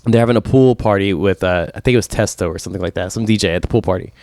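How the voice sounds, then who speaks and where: A man on a casual podcast, telling a long story with lively swings and quoting himself in a higher voice. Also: very fast, gravelly, dry recording, clean studio sound. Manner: animated storyteller, voice jumps up when quoting himself. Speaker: podcast co-host.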